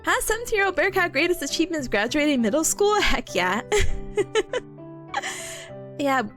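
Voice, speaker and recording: A woman's voice: high-pitched, very animated, moderate pace, a bit bright, faint music behind. A young woman VTuber chatting casually with her stream chat, bubbly and giggly, rambling between topics.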